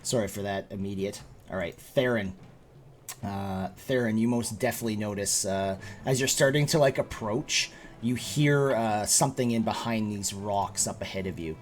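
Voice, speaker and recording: A man's voice: on the low side, moderate pace. A man narrating as game master, with a loose, rambling delivery full of fillers.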